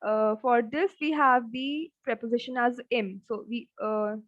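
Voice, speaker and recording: A woman teaching a German lesson, speaking slowly and repeating each word several times. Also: a little high, fairly bright tone, no room sound. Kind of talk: online language lesson. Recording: dull, dry lo-fi sound.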